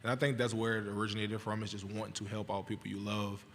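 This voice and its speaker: A young man in his twenties from Louisiana, a college football player, answering press conference questions in a calm, thoughtful way with many fillers. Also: lowish voice, quick pace. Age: 20s. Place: large media hall. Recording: long reverb of a large hall, faint noise.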